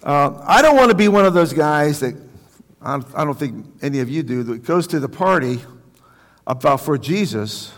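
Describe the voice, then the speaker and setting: Male pastor, conversational sermon, slightly high voice, echoing church hall. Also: animated, moderate pace. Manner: conversational, chatty with asides and restarts.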